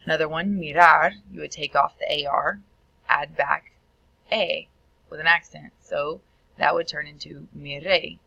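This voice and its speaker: Gravelly, bright-voiced woman teaching Spanish. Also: deep voice, steady tone, measured pace, dry recording, dull audio. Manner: clear instructional delivery, sounding out Spanish words. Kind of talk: recorded video tutorial.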